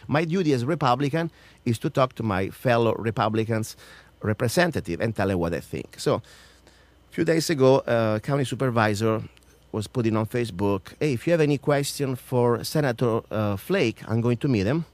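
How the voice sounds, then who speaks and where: A man with a non-native accent hosting a radio talk show, ranting about politics with strong emphasis, swinging from loud outbursts to low mutters. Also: lively intonation, moderate pace, dry recording. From outside the United States.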